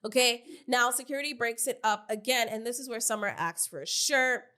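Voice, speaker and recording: A fairly high-voiced woman co-hosting a casual podcast. She retells scenes in an animated way, acting out what people said and swearing freely. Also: brisk. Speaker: podcast co-host. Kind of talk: casual reality-TV recap chat.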